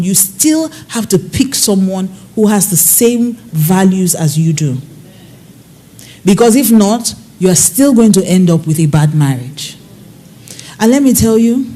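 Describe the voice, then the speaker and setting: A woman counselor giving a preaching-style talk on marriage, telling stories with lively swings in her voice. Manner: expressive storyteller, swings pitch and acts out quoted people. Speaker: infidelity recovery counselor speaking on marriage.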